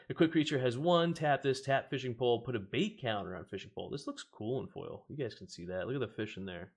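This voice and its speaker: Chatty man opening card packs. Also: medium pitch. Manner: chatty, laughs often, reads cards and chat aloud. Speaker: host of a card-opening stream. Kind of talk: casual chat while opening card packs.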